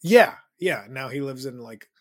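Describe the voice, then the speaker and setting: A comedian from the Chicago suburbs, chatting as a podcast guest in a rambling, laughing, self-deprecating way. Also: male voice, medium pitch, expressive, measured pace, a bit bright, dry recording, clean studio sound. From Chicago suburbs, USA. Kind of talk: casual storytelling chat.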